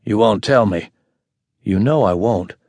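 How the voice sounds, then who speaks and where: A man's voice: on the low side, measured pace, creaky, darkish tone, no room sound. A man voicing a scruffy, drunken middle-aged father who wheedles for money. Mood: wheedling.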